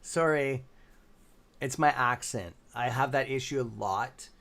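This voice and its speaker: A man's voice: medium pitch, unhurried, fairly bright tone. Tired Canadian man hosting a trading stream. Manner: rambling, many fillers and restarts, reading chat names aloud. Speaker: livestream stock trading host. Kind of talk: casual live-stream commentary.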